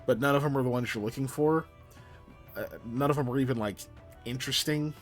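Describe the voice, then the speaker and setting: A man's voice: medium pitch, brisk, soft background music. A man as game master, narrating a tabletop game in a casual, rambling way full of fillers.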